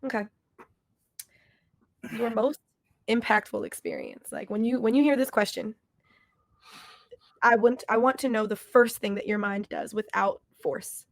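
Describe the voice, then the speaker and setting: A woman's voice: fairly high pitch, very animated, measured pace, long pauses, no echo. A young woman hosting a podcast interview, affirming her guest and laughing often, with casual swearing. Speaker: podcast host.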